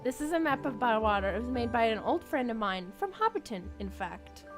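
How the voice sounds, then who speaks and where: A woman's voice: on the high side, very animated, fairly quick, music in the background. A woman reading Gandalf, a kindly old wizard. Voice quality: read plainly without an accent. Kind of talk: reading game dialogue aloud.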